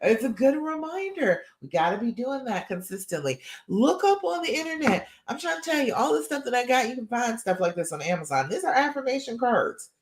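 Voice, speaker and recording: A woman's voice: fairly high pitch, very animated, a little fast, hardly any pauses, reverberant. A woman relationship coach gives a live-streamed talk. She sounds tired and keeps checking in with listeners with "okay?" and "all right?".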